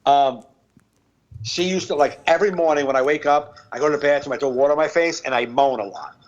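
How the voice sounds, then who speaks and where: Male comic co-host, casual and loose, laughs easily, slightly high voice, muffled lo-fi recording. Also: quick pace. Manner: laughs often, loose storytelling. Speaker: podcast co-host, comedian. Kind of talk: casual chat.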